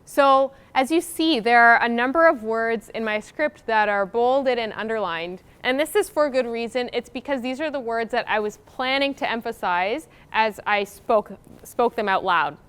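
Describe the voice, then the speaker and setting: A woman's voice: a little high, a bit bright, clear, resonant tone. A young woman co-presenting a university workshop, explaining in a casual, sort-of-filled way. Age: young adult. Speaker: graduate student co-presenter.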